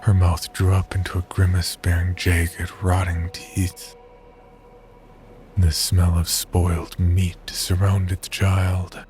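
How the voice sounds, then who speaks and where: A man narrating a horror story in a measured, scripted storytelling manner. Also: deep voice, monotone, a little mellow, faint music behind.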